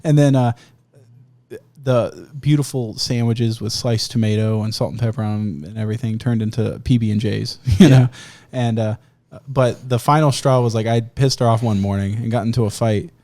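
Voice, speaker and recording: A young man co-hosting a podcast, telling stories in a casual, animated way, laughing often and swearing freely. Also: mid-range voice, normal speed. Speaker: podcast co-host. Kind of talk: casual storytelling chat.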